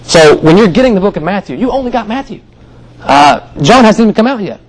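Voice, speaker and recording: A man's voice: sits high, very animated, fairly quick, slight background noise, rough recording. A man preaching a sermon in a church, telling the story in a casual, conversational way and briefly acting out the voices of the people in it. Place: church sanctuary.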